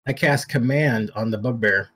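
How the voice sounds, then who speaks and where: A man playing a tabletop game, terse and deadpan in his replies. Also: mid-range voice, moderate pace, slight background noise. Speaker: player. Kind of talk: casual tabletop game chat.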